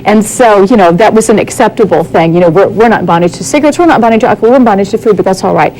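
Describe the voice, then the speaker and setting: A woman's voice: medium pitch, very fast, darkish tone, slight background noise, poor audio. A woman giving a candid, earnest personal testimony as a guest on a talk show, often acting out the dialogue she quotes.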